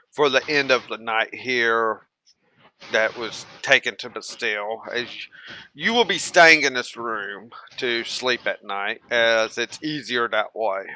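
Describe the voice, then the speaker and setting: Slow, bright-voiced male game master. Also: mid-range voice, clean tone, rough recording. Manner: slow, halting narration with fillers. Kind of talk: narrating a tabletop game.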